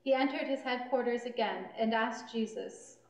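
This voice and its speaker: A woman reading the narration of a scripture passage at a church service, steady and clear. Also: on the high side, normal speed. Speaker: lay reader, narrator. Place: church sanctuary. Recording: echoey church.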